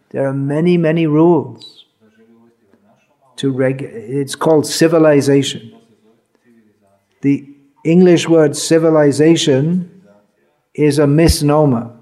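A man's voice: mid-range voice, warm tone. A man giving an informal talk as a spiritual teacher, conversational and wry, using everyday examples. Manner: slow, conversational, wry humor, illustrative examples. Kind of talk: informal lecture to an audience.

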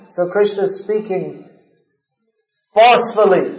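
A man with a somewhat high voice gives a scripture class lecture. He speaks earnestly and leans into emphatic stress. The sound rings around an echoey room. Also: steady tone, unhurried, a little mellow. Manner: recites verses in a chanting cadence. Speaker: spiritual lecturer.

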